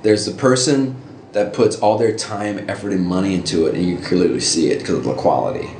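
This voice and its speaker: A middle-aged man casually telling stories as an interview guest, with animated jumps into high voices for quoted reactions. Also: brisk. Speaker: interview guest, costume hobbyist. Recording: roomy with faint ambient noise.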